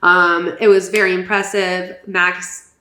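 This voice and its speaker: A young woman co-hosting a podcast, giving a casual, animated race recap full of fillers. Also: on the low side, slow pace, echoey room. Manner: chatty, filler-heavy, animated. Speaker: podcast co-host.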